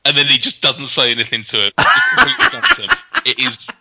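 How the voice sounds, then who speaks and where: A man's voice: medium pitch, wildly swooping pitch, fast talker, gravelly, very noisy. A man telling casual, rambling anecdotes in a chat, full of fillers and restarts. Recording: dull lo-fi sound.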